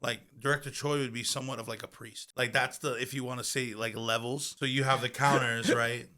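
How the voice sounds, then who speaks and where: A man in easygoing chat as a show co-host, with a bright, forceful tone at a middle pitch. He talks loosely, filling his sentences with "like". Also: brisk. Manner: relaxed, conversational, uses lots of "like". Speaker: podcast co-host. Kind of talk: casual chat.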